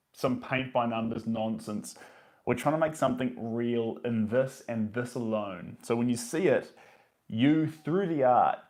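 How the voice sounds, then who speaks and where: Male painter, unhurried casual delivery, mid-range voice, chatting to stream viewers. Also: medium pitch. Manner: relaxed, chatty, muttering to himself between remarks. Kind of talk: casual chat while painting.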